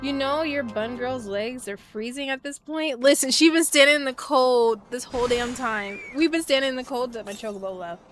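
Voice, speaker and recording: A woman streaming a game, chatting casually and jokingly, swearing freely and swinging between quiet asides and loud outbursts. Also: high-pitched, moderate pace, few pauses, soft background music. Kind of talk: casual live-stream chat while playing.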